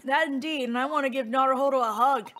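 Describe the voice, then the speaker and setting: A woman's voice: sits high, quick pace, fairly bright tone, slight background noise. A woman giving playful let's play commentary. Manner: giggly, playful. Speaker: game player.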